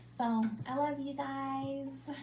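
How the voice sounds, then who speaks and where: A woman hosting a livestream, reading scripture aloud and then chatting casually with viewers in a relaxed way, full of fillers like "like" and "um". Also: sits high, very noisy. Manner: unhurried, relaxed, with many fillers like "like" and "um". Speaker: livestream Bible reading host. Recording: echoey room.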